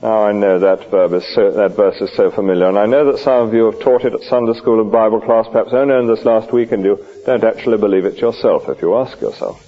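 A man's voice: on the low side, fast talker, few pauses. A man preaching a sermon at a lunch hour church service, asking his listeners question after question. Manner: lively, questioning preaching with rhetorical asides. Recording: dull lo-fi old recording.

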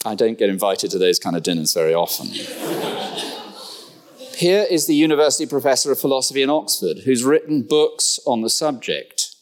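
A middle-aged man preaching from the pulpit. His delivery is conversational and animated, full of rhetorical questions and dry, humorous asides. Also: mid-range voice, fairly quick. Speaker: pastor. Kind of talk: sermon.

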